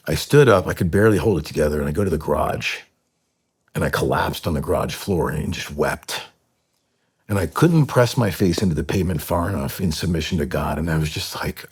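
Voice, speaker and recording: Man, middle-aged, deep voice, raspy tone, earnest halting storytelling, podcast guest. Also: expressive. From United States. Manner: earnest, halting, with frequent fillers and restarts. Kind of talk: emotional personal storytelling.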